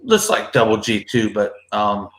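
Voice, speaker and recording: A man's voice: lowish voice, big pitch swings, unhurried, fairly bright tone, echoey room. A man hosting a casual livestream, laid-back and profane, talking up his guests. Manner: laid-back, swears freely, hypes up guests. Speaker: livestream host.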